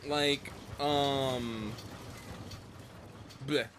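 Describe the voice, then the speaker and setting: Man, gaming co-host, bright sharp voice, loose and casual, faint background noise. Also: mid-range voice, steady tone, very slow. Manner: loose, casual, swears freely. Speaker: live stream co-host playing a game. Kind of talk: casual live-stream chat while gaming.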